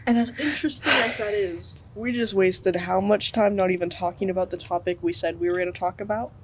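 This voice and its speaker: A woman's voice: medium pitch, a little fast, a little hiss or hum. A teenage girl co-hosting a student podcast, chatting casually in a wry, self-deprecating way. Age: teens. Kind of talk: casual chat.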